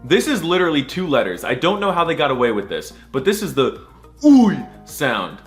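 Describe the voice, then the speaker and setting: A man's voice: fairly high pitch, big pitch swings, a little fast, a bit bright, faint music behind. A young man giving a jokey scripted voice-over lesson, sarcastic and crude with a mock-serious tone. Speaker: comedy language explainer.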